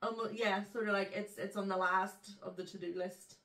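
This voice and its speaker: Giggly woman, bright and gravelly. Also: medium pitch, fairly even intonation, moderate pace. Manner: giggly, playful, jumps between words. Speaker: podcast co-host. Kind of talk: casual chat. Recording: echoey room, distant mic.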